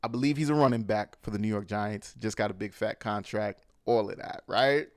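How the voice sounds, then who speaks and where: A man recapping a film in casual, animated, slangy talk, full of fillers. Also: fairly low pitch, a little fast, no room sound, clean studio sound. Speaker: movie recap host.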